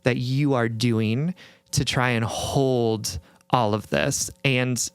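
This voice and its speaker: Man, podcast co-host, gentle, validating, fillers, smooth voice. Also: mid-range voice, fairly even intonation, takes it slowly, no echo. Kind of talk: casual chat.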